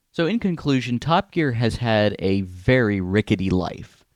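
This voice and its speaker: A man hosting a solo podcast, talking in a casual, rambling way with halting restarts. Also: medium pitch, animated, no room sound, studio quality. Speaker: podcast host.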